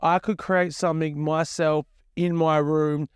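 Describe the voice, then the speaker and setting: A man's voice: fairly high pitch, level tone, a little slow, clear, resonant tone, dry recording, clean studio sound. A young man hosting his own music podcast, rambling crudely and swearing as he laughs at himself in a casual monologue.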